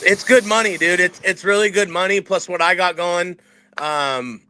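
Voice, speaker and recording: Bright-voiced man telling rambling stories. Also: sits high, moderate pace, a little hiss or hum. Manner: swears freely, rambling storyteller. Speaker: livestream co-host. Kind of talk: casual chat.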